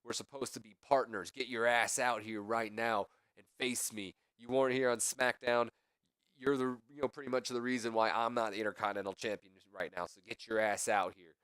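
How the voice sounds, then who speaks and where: A man's voice: medium pitch, steady tone, brisk, a bit bright, clear, resonant tone, no echo, lightly acted. A man voicing a brash, angry male wrestler calling out his tag partner with blunt, profane trash talk. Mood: demanding.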